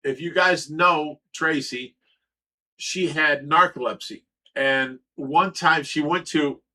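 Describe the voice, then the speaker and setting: A man's voice: fairly high pitch, pushed and bright. A middle-aged man from Ohio hosting a livestream, telling a story casually, swearing freely and stammering over repeated words. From Ohio, USA. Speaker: livestream host.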